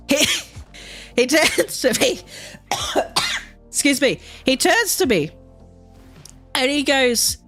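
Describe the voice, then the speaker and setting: A woman's voice: high voice, very slow, pauses often, faint music behind. A woman streamer telling stories in casual chat while gaming, swearing freely and laughing often. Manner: swears freely, animated storytelling with frequent laughs.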